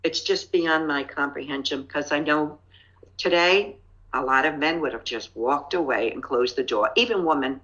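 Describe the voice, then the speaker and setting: An older woman tells her story in a low voice with a bright, forward edge. She sounds rueful and matter-of-fact. The audio is dull and lo-fi. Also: moderate pace. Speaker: scam victim telling her story. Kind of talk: TV interview storytelling.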